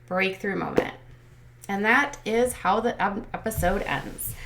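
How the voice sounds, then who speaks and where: A woman's voice: mid-range voice, measured pace, background noise. A woman hosting a commentary channel, recapping casually in a chatty, sarcastic, critical way. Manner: sarcastic, critical, chatty with many ums and likes.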